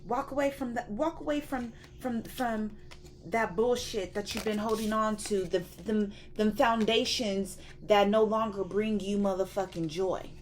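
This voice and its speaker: A woman's voice: mid-range voice, steady tone, unhurried, a little hiss or hum, voice pushed up, natural voice. A woman voicing God as a loving, bossy, streetwise divine figure who coaxes and swears. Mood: coaxing. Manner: coaxing, slangy, swearing.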